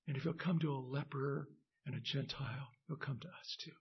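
A man preaching a sermon as pastor, pausing often with fillers and restarts, then building to emphatic peaks. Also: mid-range voice, husky, highs cut off.

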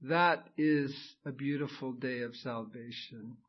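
A man's voice: mid-range voice, steady tone, takes it slowly. Man, pastor, sermon, emphatic, fervent, dull lo-fi recording. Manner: emphatic, rising to fervent exclamations.

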